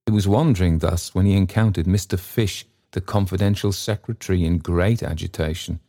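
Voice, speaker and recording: A deep, mellow male voice narrates a classic story. His reading is measured and theatrical, with a warm, dark tone. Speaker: audiobook narrator.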